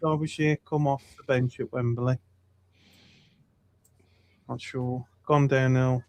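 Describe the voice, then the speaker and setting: A man's voice: medium pitch, level tone, slow, pauses often, a little mellow. A man co-hosting a football phone-in, matey and bantering with callers. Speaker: phone-in co-host.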